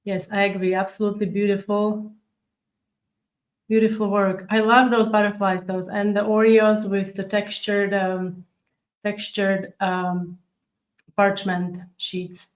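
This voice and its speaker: A woman's voice: medium pitch, level tone, measured pace, low-quality recording. A woman hosting a live cookie-decorating stream, chatting with viewers and explaining each step as she works. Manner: chatty, demonstrates step by step while reading viewer comments. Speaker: cookie decorating livestream host. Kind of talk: live tutorial chat.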